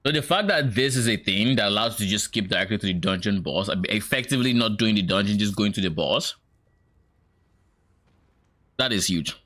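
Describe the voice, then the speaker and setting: A man's voice: lowish voice, animated, quick pace, few pauses, a bit bright. A young man streaming, giving casual, opinionated reaction commentary with hesitant restarts.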